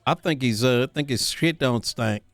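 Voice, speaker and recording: A man's voice: medium pitch, moderate pace, fairly bright tone, no echo, faint music behind. A man playing a lawman in a role-play game, blunt, irritated and heavy on swearing. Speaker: roleplay player as a lawman. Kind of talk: in-character role-play chat.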